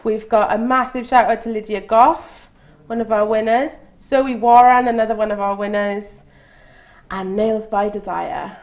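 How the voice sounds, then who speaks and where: A woman hosting a casual live beauty chat show, chatty and quick to laugh, with many restarts. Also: mid-range voice, steady tone, a little mellow. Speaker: host.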